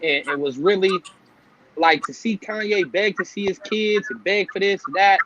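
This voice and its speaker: High-voiced man on a livestream panel. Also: moderate pace, a bit bright, muffled recording. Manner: talks at length with fillers like "man". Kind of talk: casual live-stream chat.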